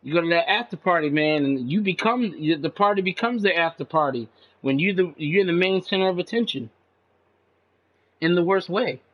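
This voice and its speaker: A man talking in a casual, rambling monologue to his channel, profane and agitated, saying "man" a lot, with his pitch jumping up when he gets indignant. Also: lively intonation, normal speed. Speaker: channel host. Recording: dull lo-fi recording.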